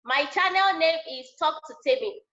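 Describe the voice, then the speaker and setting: High, bright woman on an echoey call. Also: animated, normal speed. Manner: friendly and direct, promoting her channel. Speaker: guest speaker. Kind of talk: casual address to a class over a video call. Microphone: video call. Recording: echoey room over a dull lo-fi line.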